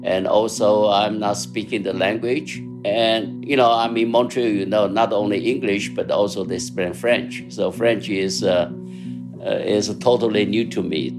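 A man in his seventies from Taiwan with a Taiwanese accent, recalling his past in an interview with halting, unhurried speech and many fillers. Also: on the low side, steady tone. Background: music.

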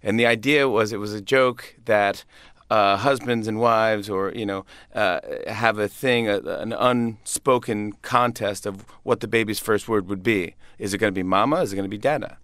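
A man's voice: fairly low pitch, steady tone, normal speed, fairly bright tone, dry recording, studio quality. A man, a comedian guest, chatting casually in an interview, laughing often and restarting his sentences.

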